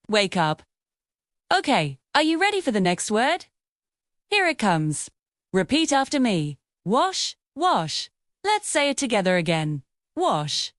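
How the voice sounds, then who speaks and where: Young woman, English teacher, high-pitched, very slow, sing-song, encouraging, dry close sound. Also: dry recording. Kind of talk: slow, clear narration for beginner learners.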